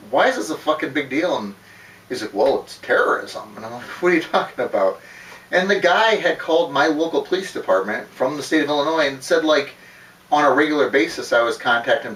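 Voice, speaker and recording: A man's voice: mid-range voice, a bit bright. A man telling a personal story in a casual, rambling way, swearing often and laughing between words. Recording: roomy, distant from the mic.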